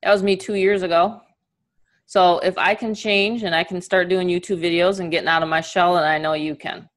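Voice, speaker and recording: A middle-aged woman with a New York accent who leads a live online business training over a video call, talking in an energetic, chatty way and laughing often. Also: on the low side, fairly quick.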